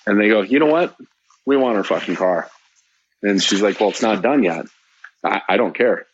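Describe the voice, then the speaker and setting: A man's voice: lowish voice, normal speed, muffled recording, a little hiss or hum. A man, a shop owner, casually telling a story on a podcast and acting out the dialogue. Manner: animated, acts out quoted dialogue.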